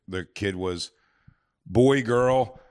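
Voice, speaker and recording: A man chatting casually on a podcast, telling stories and acting out the people in them with high put-on voices. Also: drawn-out words, a little mellow, clean tone. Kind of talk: casual podcast chat with storytelling.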